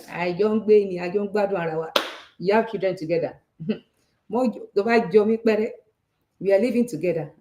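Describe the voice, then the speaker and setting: A warm-voiced Nigerian woman with a Yoruba accent and medium pitch hosts a talk show on personal finance, teaching casually while switching between English and Yoruba. She is animated and repetitive, often checking in with rhetorical questions. The recording has a roomy echo and slight background noise.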